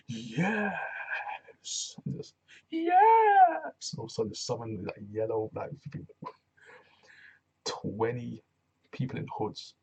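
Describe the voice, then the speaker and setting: A man's voice: fairly low pitch, creaky, mellow, husky. A man casually recapping a wrestling show, rambling and often saying "you know what I'm saying".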